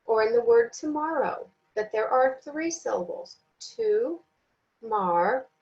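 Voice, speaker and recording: A woman giving a recorded training lesson, speaking slowly and deliberately and sounding out words syllable by syllable. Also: high voice, animated, vocal fry, a little mellow, highs cut off. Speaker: teacher trainer.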